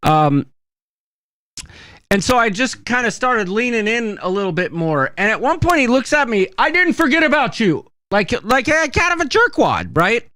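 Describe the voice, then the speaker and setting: Give me a man chatting as a podcast host, full of ums and likes, very expressive pitch. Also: normal speed, dry recording. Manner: rambling storyteller, many fillers. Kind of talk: casual chat.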